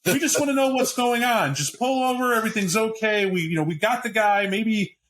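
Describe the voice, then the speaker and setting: A man voicing a police officer on a loudspeaker, coaxing and pleading with a driver to pull over. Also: high voice, lively intonation, fairly quick, a little hiss or hum, pitched above the performer's own voice. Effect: over a loudspeaker horn.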